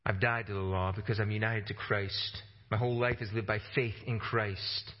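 A man's voice: little pitch movement, moderate pace. Passionate male preacher, lo-fi sound. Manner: passionate, rising to emphatic peaks and dropping low for stress; repeats words when starting phrases. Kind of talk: sermon.

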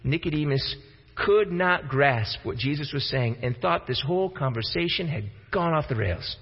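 A man's voice: a little high, lively intonation, moderate pace, husky. A man preaching a sermon, emphatic and repeating words as he starts his thoughts. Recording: reverberant hall, dull lo-fi sound.

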